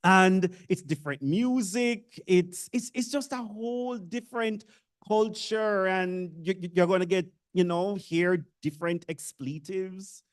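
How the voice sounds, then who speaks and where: Slow, joking Jamaican orientation speaker. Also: mid-range voice. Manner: joking, self-deprecating, chatty with the audience. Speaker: university staff presenter at student orientation. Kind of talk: casual orientation address.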